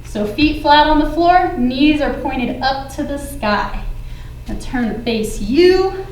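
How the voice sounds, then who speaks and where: A woman's voice: high-pitched, lively intonation, takes it slowly, roomy sound, slight background noise, low-quality recording. A woman teaching a children's yoga class, giving playful, encouraging sing-song cues. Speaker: kids yoga instructor.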